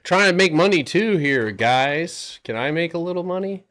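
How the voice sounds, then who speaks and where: A man putting on the voice of a whiny, greedy rich man as a mocking bit, his voice pushed high and loud. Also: expressive, moderate pace. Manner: mocking, high-pitched whine. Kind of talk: mocking impression on a livestream.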